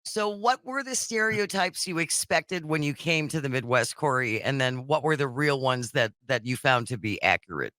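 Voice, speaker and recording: Measured male talk-show host. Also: medium pitch, animated, sharp tone, no echo. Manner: measured, introduces guest and poses questions. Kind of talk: hosting an interview.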